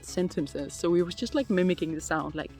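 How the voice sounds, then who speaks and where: A woman's voice: on the low side, expressive, brisk, a little mellow, faint music behind. Giggly chatty woman in her twenties. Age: 20s. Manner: chatty and giggly, full of "like" fillers. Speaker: vlogger answering viewer questions. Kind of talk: casual chat. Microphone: phone.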